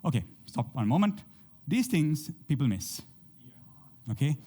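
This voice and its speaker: A man's voice: a little high, very animated, measured pace, mellow. A man preaching a sermon to a congregation, reading scripture aloud and often checking in with "okay?". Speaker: pastor.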